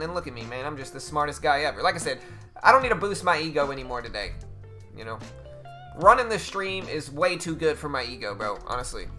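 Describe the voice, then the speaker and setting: Bright-voiced man chatting with a live stream. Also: on the high side. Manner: chatty and loose, talks to chat with slang like bro and dude. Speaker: livestream trading host. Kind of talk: casual live-stream commentary.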